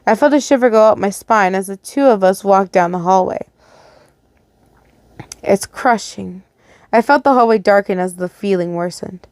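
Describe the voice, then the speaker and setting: A woman's voice: mid-range voice, darkish tone, dry recording. A woman reading a first-person fan fiction story aloud, stumbling over words and correcting herself, with casual asides.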